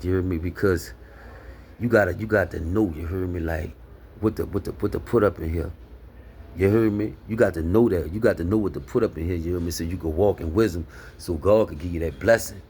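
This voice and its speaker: A man's voice: low voice, a little mellow, a little hiss or hum. A man giving a casual spoken sermon of life advice, earnest and full of street slang, constantly asking "you hear me?".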